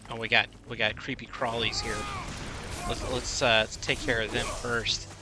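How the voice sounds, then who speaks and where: Over faint game music, a man streams a video game and chats casually with viewers, full of fillers and restarts. His mid-range voice shows little pitch movement and moves at normal speed.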